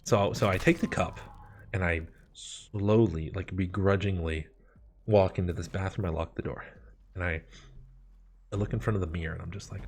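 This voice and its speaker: A man telling a comedic personal story, animated and self-mocking, with dramatic asides. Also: low voice, normal speed, slight background noise.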